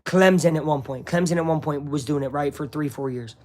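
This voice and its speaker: A man hosting a casual live watch-along of a football game, excitable and swinging between hype and grumbling. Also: on the high side, a little fast. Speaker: live-stream sports watch-along host.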